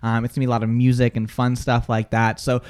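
A man's voice: medium pitch, monotone, quick pace, a little mellow, clean tone. A man co-hosting a live morning radio show, joking and teasing his co-host in casual banter. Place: radio studio.

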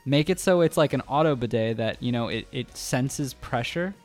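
Lively-voiced laid-back male co-host. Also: mid-range voice, moderate pace, faint music behind. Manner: laid-back, laughing, filler-heavy. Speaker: podcast co-host. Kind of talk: casual chat.

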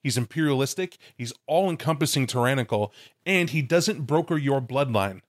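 A man's voice: medium pitch, expressive, moderate pace, dry recording, clean studio sound. A man co-hosting a casual podcast, telling tabletop game lore with enthusiasm and profanity. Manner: enthusiastic, emphatic storytelling with profanity. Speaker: podcast co-host.

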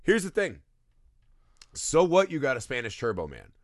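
A man's voice: medium pitch, big pitch swings, normal speed, no room sound, studio quality. A man co-hosting a casual comedy podcast about a movie, riffing and swearing freely as he mocks the plot. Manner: profane, riffing, does mocking quoted voices. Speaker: podcast co-host.

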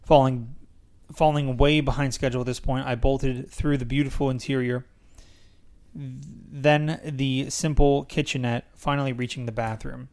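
A man's voice: mid-range voice, fairly even intonation, moderate pace, darkish tone. Young man reading his own memoir aloud. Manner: stumbles over words and restarts while reading. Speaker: podcast host reading his own book.

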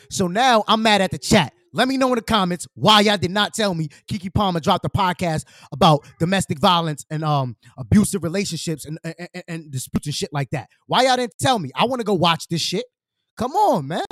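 A man hosting a casual livestream, talking in animated slang while eating. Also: high-pitched, no echo, clean studio sound. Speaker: livestream host.

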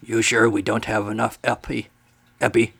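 A man voicing a gruff, dim-witted pirate captain who talks in pirate slang. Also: fairly low pitch, flat delivery, normal speed, fairly bright tone. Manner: pirate talk, growling.

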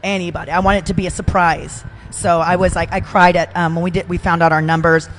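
A woman's voice: fairly low pitch, little pitch movement, fast, a little hiss or hum. An older woman chatting as a podcast guest, emotional and self-deprecating, with frequent restarts. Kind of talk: casual chat.

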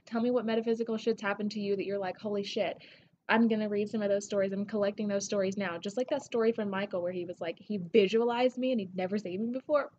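A woman from Tennessee with a Southern accent, hosting her podcast in an excitable, gushing, casual way that swears freely. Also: medium pitch, fast talker, lo-fi sound, a little hiss or hum. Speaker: podcast host. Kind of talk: casual solo podcast shout-outs.

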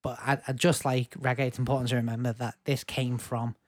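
A man's voice: medium pitch, flat delivery, fairly quick, a little mellow, no echo. Casual English podcast man, close dry mic. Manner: rambling, lots of fillers and restarts. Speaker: podcast co-host. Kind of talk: casual music podcast chat.

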